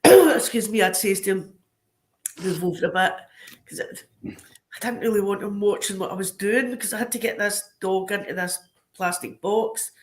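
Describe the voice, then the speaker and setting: A woman with a Scottish accent, a podcast guest telling animated anecdotes in a casual way. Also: mid-range voice, normal speed. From Scotland. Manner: lively, animated anecdotes broken by frequent laughter. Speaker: podcast guest, crime scene cleaner. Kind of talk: casual storytelling.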